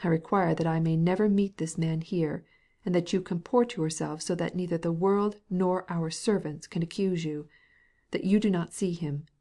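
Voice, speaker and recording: A woman's voice: fairly low pitch, steady tone, normal speed, dark tone. A woman voicing a cold, formal, resentful middle-aged husband in an audiobook, speaking in a clipped, cold way.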